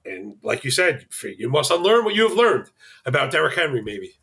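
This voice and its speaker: A male sports analyst with a gravelly, fry-edged voice that still carries a bright, sharp tone. He works through numbers analytically on a podcast, dropping dry jokes along the way. His pitch sits slightly above the usual male range. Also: big pitch swings. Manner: analytical, rapid-fire stats with dry jokes. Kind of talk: fantasy sports podcast chat.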